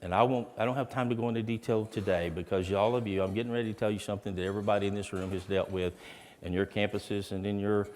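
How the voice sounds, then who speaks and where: A man's voice: on the low side, fairly even intonation, fast, darkish tone. A man giving a heartfelt, dramatic motivational testimony to educators. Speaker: speaker at an educators' event. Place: large hall. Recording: long reverb of a large hall.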